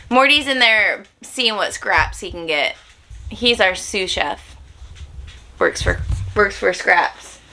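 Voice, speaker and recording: A woman's voice: mid-range voice, expressive, slow pace, pauses often, sharp tone. A woman chatting casually to camera at home as a makeup vlogger, rambling and giggly. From United States.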